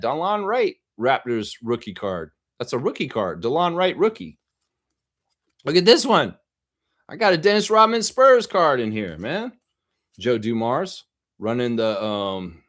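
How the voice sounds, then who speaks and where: A man hosting a casual live stream, excitedly rambling to his viewers as he shows off things. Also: mid-range voice. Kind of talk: casual live-stream chat showing off his card collection.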